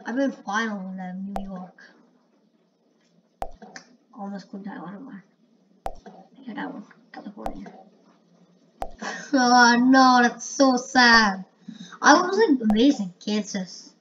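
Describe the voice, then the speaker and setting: A woman giving casual gameplay commentary, excitable and prone to loud exclamations. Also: medium pitch, takes it slowly, long pauses. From India. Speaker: gamer. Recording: muffled lo-fi recording with faint hiss.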